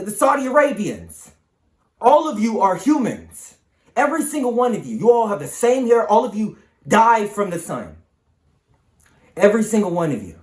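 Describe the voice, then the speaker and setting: A man hosts his channel with an emphatic, repetitive monologue to the camera, preaching in a voice that sits high, recorded in an echoey room.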